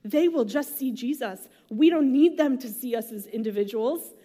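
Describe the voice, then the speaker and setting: A woman's voice: fairly high pitch, expressive, normal speed, mellow. Casual, chatty woman preaching a sermon. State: emotional, near tears. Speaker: pastor.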